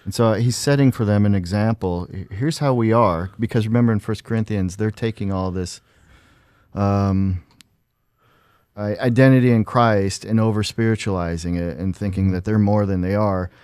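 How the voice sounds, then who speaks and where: A man with a low, smooth, resonant voice explains a passage on a podcast. He speaks in a measured, explanatory way, and the sound is dry and close. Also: steady tone, a little mellow, no echo. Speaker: guest pastor. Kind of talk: casual podcast discussion.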